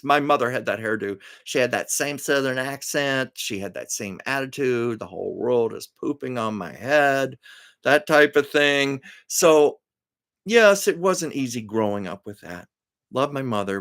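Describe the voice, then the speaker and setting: A man's voice: lowish voice, a bit bright. A man hosting a casual live stream, telling stories in a chatty way, laughing often and drifting into asides. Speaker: host. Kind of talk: casual storytelling chat.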